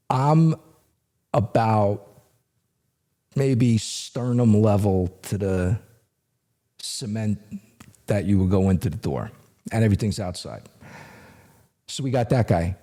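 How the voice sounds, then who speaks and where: A middle-aged man, a retired federal agent, telling a story in an animated, conversational way as a guest. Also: fairly low pitch. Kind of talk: storytelling in a podcast interview.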